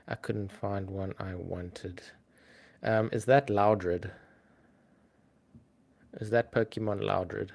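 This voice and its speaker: A man hosting a casual livestream, talking to his chat in a relaxed, chatty way with frequent ums. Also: fairly low pitch, takes it slowly, vocal fry, pauses often. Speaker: livestream host.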